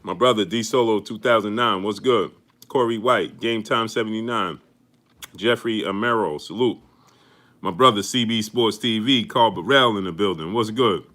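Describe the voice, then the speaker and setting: Male host, bright forceful voice, casual high-energy shout-outs to live chat. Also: normal speed. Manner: energetic, greets viewers one by one with slang. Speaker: host of a boxing live stream.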